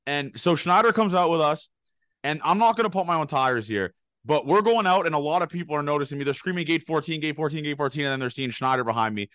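Fast-talking young man. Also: on the high side, expressive, a bit bright, no echo, clean studio sound. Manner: rapid rambling anecdotes, laughing, swearing. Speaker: podcast co-host. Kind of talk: casual storytelling.

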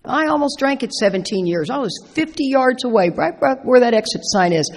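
A middle-aged woman speaking at a recovery meeting, telling stories with playful, animated asides. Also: sits high, brisk. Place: large meeting hall. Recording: echoey hall with long reverb.

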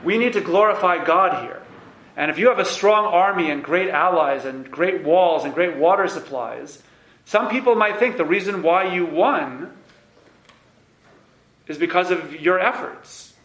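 A male teacher leading a text-study lesson, emphatic and animated, in a fairly high voice. The classroom rings with echo around him. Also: measured pace. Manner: animated and emphatic, reads quotes aloud.

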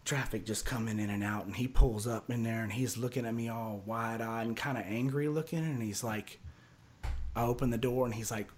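A man from the Houston area of Texas tells a long personal story as a podcast guest, rambling, repeating words and acting out other people's lines. His medium-pitched voice is brisk with fairly even intonation.

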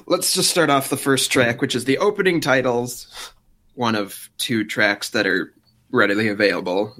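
Male co-host, casual, bright forceful tone, mid pitch, blunt and dry. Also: normal speed. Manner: dry, blunt opinions, imitates music sounds. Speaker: podcast co-host reviewing a film score. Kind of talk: casual chat.

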